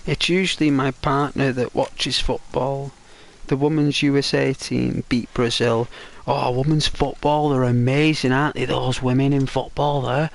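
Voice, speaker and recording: A man's voice: mid-range voice, flat delivery, unhurried, creaky. A young man streaming a game, chatting casually with viewers, answering their messages, rambling and laughing often.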